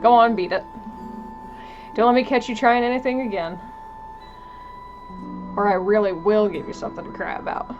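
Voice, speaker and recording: A woman's voice: mid-range voice, fairly even intonation, normal speed, pauses often, dull audio, faint music behind, natural voice. A woman voicing a terse, guarded woman newcomer in a western town, with a put-on drawl and curt, clipped replies. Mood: stern.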